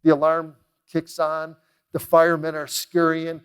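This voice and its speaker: A middle-aged man delivers a motivational talk in a fairly high voice. He tells his stories with real energy and brings the voices of the people in them to life. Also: measured pace, clean tone. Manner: energetic, acts out quoted dialogue in a lively way. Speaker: motivational speaker. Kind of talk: motivational keynote talk with storytelling.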